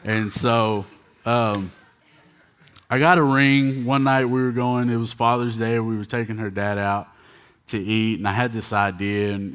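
Low-voiced man telling his story. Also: a bit bright, clean tone. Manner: casual, rambling, self-mocking, with many fillers. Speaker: speaker giving a personal testimony. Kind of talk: storytelling testimony to an audience.

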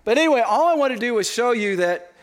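A man's voice: extremely high pitch, lively intonation, fast. A middle-aged man preaching a sermon as pastor in a church, talking conversationally with joking asides. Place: church sanctuary.

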